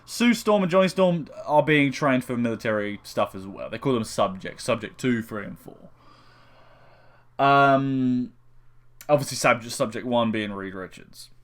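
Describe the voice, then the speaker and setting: A man's voice: medium pitch, measured pace. Rambling, foul-mouthed young man reviewing films. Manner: rambling, heavy swearing, frequent restarts. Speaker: film reviewer. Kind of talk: casual spoken film review.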